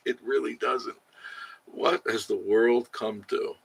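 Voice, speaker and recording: With a mid-range voice, fairly even intonation and a slow pace, this man sounds creaky and slightly rough. He's out in the Smoky Mountains on a casual live stream, chatting with viewers by name, joking and laughing a lot.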